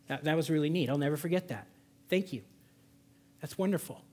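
A man preaching a Sunday sermon as a pastor, swinging between loud exhortation and hushed, intimate emphasis. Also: a little high, fairly quick. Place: church service.

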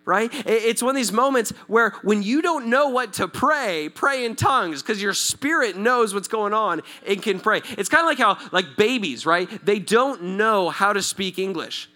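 Man, pastor, high bright voice, swoops up and down, jokes and laughs through a chatty sermon. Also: normal speed, few pauses. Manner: lively, joking, laughs often, addresses the audience directly; repeats and restarts words when excited. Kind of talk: conversational sermon.

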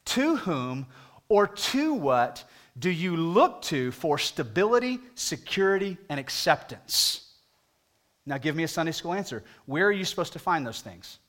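A pastor preaching a sermon, talking conversationally and putting direct questions to the congregation, his voice climbing higher and louder at emphatic moments. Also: big pitch swings, moderate pace. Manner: rises in pitch and volume at emphatic points.

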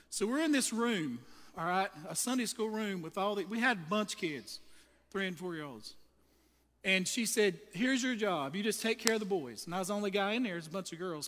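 High-voiced pastor in a reverberant church. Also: male voice, expressive, fairly quick, a bit bright. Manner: humorous storytelling, folksy and emphatic. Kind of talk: sermon to church volunteers. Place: church sanctuary. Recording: long hall reverb.

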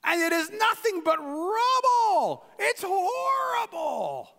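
A man voicing a mocking ancient enemy in a put-on English accent, shouting high and scornfully. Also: wildly swooping pitch, takes it slowly, vocal fry, heavily acted. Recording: long hall reverb.

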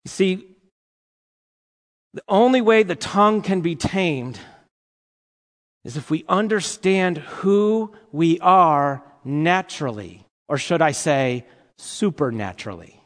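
A man preaching a sermon to his congregation in an animated, playful way, asking them rhetorical questions. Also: a little high, slow, long pauses. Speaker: pastor. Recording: long hall reverb.

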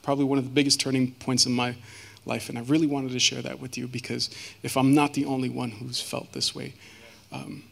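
A man giving a personal testimony as a guest speaker, earnest and halting, with many fillers and restarts. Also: mid-range voice, level tone, vocal fry.

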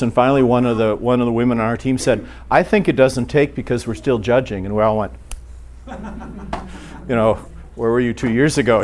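A man's voice: mid-range voice, darkish tone. Conversational man teaching a church class. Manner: conversational, acts out short quoted exchanges.

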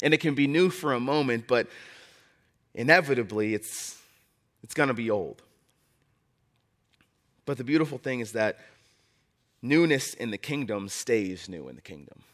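A man's voice: mid-range voice, expressive, normal speed, pauses often, fairly bright tone. A young man preaching a sermon as pastor, repeating key phrases and building toward impassioned preaching.

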